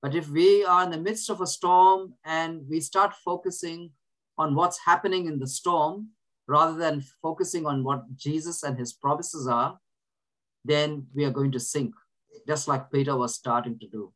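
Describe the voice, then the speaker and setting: A man's voice: a little high, steady tone, moderate pace, a bit bright, low-quality recording. A man leading a group, reading scripture and teaching in an earnest way, often restarting his words. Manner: asks listeners to repeat verses. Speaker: prayer group leader.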